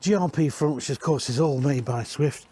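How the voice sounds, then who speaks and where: A man's voice: fairly high pitch, moderate pace, mellow, breathy edge. A man giving a casual, rambling walk-around tour inside used caravans, chatting and correcting himself as he goes. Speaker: caravan industry reviewer.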